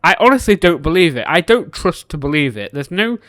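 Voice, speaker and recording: A man hosting a reaction video, excitable, swinging between shouts and mutters as he reacts to a series. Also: on the high side, a little fast, no room sound, studio quality.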